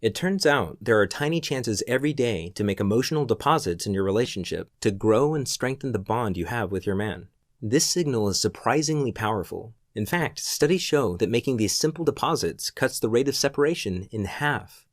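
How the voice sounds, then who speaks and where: A man reading a scripted sales pitch voice-over in a smooth, persuasive delivery. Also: animated, brisk, no echo, studio quality.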